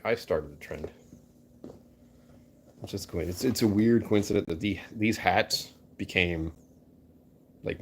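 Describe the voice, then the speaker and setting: A man's voice: lowish voice, husky. A man casually chatting with his live-stream viewers, joking and poking fun at himself while answering the chat. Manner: chatty, jokey, self-mocking.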